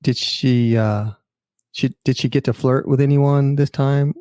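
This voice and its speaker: Male podcast host, warm dark tone, playful interviewer. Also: mid-range voice, fairly even intonation, unhurried, clear, resonant tone, no room sound, clean studio sound. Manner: teasing, curious questions. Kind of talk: casual chat.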